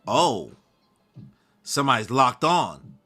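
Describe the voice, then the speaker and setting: Slow, bright-voiced man reacting to a manga. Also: mid-range voice, big pitch swings, faint music behind. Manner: reads panels aloud, slangy asides. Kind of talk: live reading and reaction.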